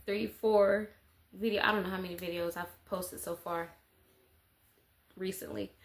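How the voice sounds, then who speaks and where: This is a woman, talking to camera in a relaxed life-update vlog. She rambles from one thought to the next, filling the gaps with fillers and small laughs. Her voice sits at a middle pitch. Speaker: mother and vlogger.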